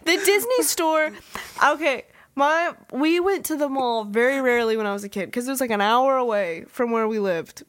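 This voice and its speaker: A woman's voice: high-pitched, expressive, fairly bright tone, no echo. A woman in her twenties co-hosting a podcast, chatting casually, telling childhood stories and laughing easily. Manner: chatty, storytelling, quick to laugh. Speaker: podcast co-host. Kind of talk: casual chat.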